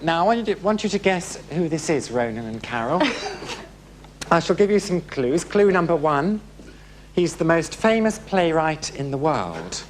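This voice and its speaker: A man's voice: a little high, big pitch swings, measured pace, slight background noise. A man hosting a TV game show, camp and arch, full of teasing quips. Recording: TV studio with audience and music.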